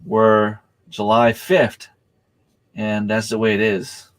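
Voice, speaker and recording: A man's voice: on the low side, monotone, takes it slowly, no room sound. A middle-aged man, hosting a casual livestream chat, rambling with many fillers and restarts while he has the hiccups. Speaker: livestream host.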